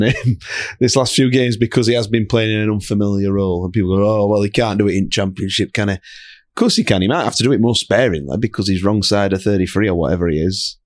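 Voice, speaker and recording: A man with a lowish voice gives blunt, opinionated takes on football. He speaks plainly, and the recording is dry and close. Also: no echo. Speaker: podcast co-host. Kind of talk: casual football chat.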